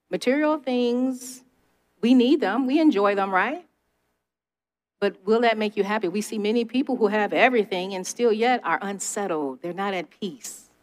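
A middle-aged woman delivers a conversational sermon. Her voice sits at an ordinary pitch, and she talks straight to her listeners in an emphatic, testifying way. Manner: emphatic, testifying, speaks to the audience directly. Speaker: preacher.

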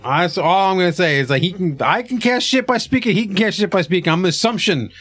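A man playing a tabletop game, excitable and joking, with casual swearing. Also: sits high, quick pace, husky, faint music behind. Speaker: player. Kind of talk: casual tabletop role-play.

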